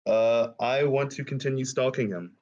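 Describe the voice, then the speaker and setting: A man's voice: medium pitch, moderate pace, darkish tone, dull audio. A man playing a tabletop game, describing his character's moves in a casual, laid-back way. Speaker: player.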